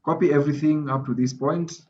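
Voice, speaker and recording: A man's voice: on the high side, steady tone, a little fast, darkish tone. Emphatic male teacher on a video call. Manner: emphatic, repeats points for stress. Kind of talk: online class lecture. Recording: slightly dull video call audio.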